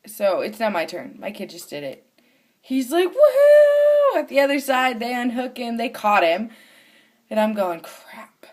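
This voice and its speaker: A woman's voice: on the high side, animated, moderate pace. A woman vlogger, a mother of young children, casually telling a story to the camera. She acts out the voices of the people in it and swears now and then.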